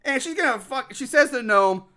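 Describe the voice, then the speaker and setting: Podcast co-host, male, high bright voice, yelling profane rant style. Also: animated, a little fast. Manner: loud, ranting, swears a lot. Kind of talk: profane casual movie recap.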